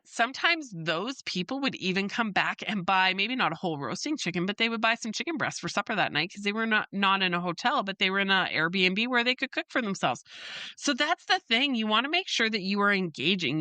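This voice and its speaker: A chatty, joking woman in middle age gives casual advice as a podcast host. Her voice is bright and forward. The sound is dry and close, with no room around it. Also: medium pitch, no echo.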